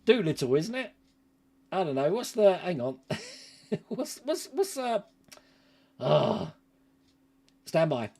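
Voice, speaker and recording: A man's voice: high voice, huge pitch swings, slow pace, gravelly, pauses often, darkish tone, breathy edge. A man, hosting a casual livestream and chatting with viewers by name, laughing often. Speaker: livestream host. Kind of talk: casual live chat reading viewer comments.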